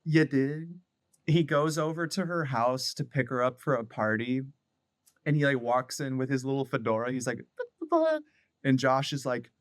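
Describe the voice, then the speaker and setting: A man co-hosting a casual movie podcast, retelling scenes with lively put-on character voices. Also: medium pitch, dry recording, studio quality. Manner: animated retelling, acting out character lines. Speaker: podcast co-host.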